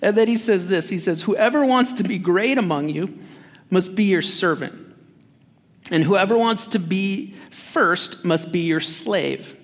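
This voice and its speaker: High-voiced man preaching in a reverberant hall. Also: a little slow. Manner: conversational and humorous, acts out quotes. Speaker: pastor. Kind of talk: sermon.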